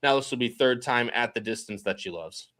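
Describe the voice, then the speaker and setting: A man hosting a casual racing podcast, chatty and quick to laugh as he reads out the live chat. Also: medium pitch, a bit bright. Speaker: podcast host.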